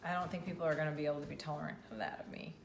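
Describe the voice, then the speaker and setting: A woman's voice: low-pitched, steady tone, very fast. A middle-aged woman, chatting on a home live stream in a frazzled, self-mocking way. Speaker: vlogger hosting a live stream. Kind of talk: casual live-stream chat. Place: home kitchen. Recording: echoey home room with clear background noise.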